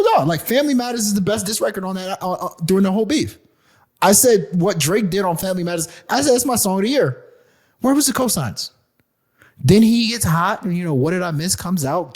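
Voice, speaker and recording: Husky guy ranting on a podcast, voice jumps all over, laughs a lot. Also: a little high. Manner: animated, laughing, emphatic rants. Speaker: podcast co-host. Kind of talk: casual chat.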